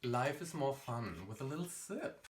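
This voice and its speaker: Campy drag queen man, lively pitch. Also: a little slow. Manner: sassy, campy quips, calls viewers honey. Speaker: drag queen cooking host. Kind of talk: campy cooking vlog. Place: home kitchen. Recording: echoey room, faint noise.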